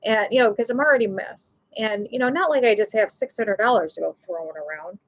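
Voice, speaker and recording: A woman's voice: mid-range voice, fairly quick, low-quality recording. A woman hosting a live show, telling an emotional personal story in a rambling way, full of restarts and "you know".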